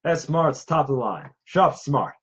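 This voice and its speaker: A man putting on the voice of a cocky, deep-voiced male monster hunter hero, delivering slow one-liners. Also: expressive, fairly bright tone, breathy edge, lo-fi sound, full character voice.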